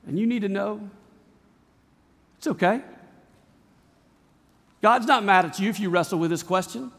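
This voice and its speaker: A man's voice: high-pitched, fairly bright tone, in a large hall. A male pastor preaching a sermon, emphatic, with repeated phrases and rhetorical questions. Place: church sanctuary.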